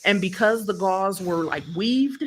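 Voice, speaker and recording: Telling her own story as a guest on a podcast, a woman speaks at medium pitch and an unhurried pace, with a little hiss or hum in the audio. Her account is emotional and vivid, and she acts out the quotes.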